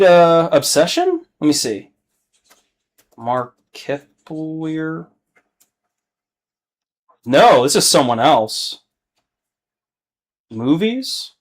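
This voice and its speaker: A man's voice: fairly high pitch, a little mellow. A man chatting casually on a livestream while painting, rambling and swearing freely as he reacts to his chat.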